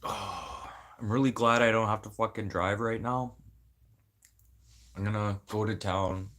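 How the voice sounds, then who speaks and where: A man from Manitoba venting in a casual, unscripted talk to camera, swearing a lot and swinging from loud outbursts to low mutters. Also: steady tone, unhurried. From Manitoba, Canada. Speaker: vlogger.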